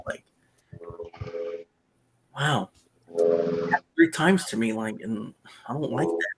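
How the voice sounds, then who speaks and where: This middle-aged livestream host tells stories animatedly in a casual chat, getting loud and excited before dropping into mutters. His voice is medium in pitch and creaky, his pace slow, and there is noise in the background.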